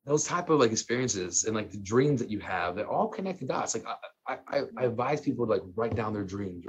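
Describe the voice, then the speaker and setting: Speaking as a guest, this thirty-something man recounts something from his own life, chatting animatedly with plenty of filler words and laughs. His pitch is on the low side, and a faint hiss or hum can be heard.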